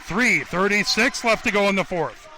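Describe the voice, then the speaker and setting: A man calling a basketball game play-by-play for radio, naming each pass in a rapid running call and getting louder at scores. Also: high voice, lively intonation, noisy background.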